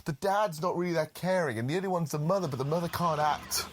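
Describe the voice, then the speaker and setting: A man's voice: on the high side, quick pace, background noise. A man hosting a podcast, reviewing a film in casual chat, swearing freely and acting out scenes in character voices. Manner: animated, profane, acts out scenes in voices. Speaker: podcast host.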